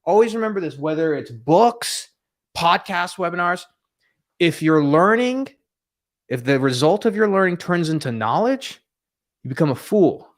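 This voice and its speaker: A man's voice: high voice, lively intonation, normal speed. A man hosting a live stream as a sales coach, talking in a blunt, emphatic, scolding way from a room lined with bookshelves. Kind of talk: motivational live-stream talk. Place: room with bookshelves behind him.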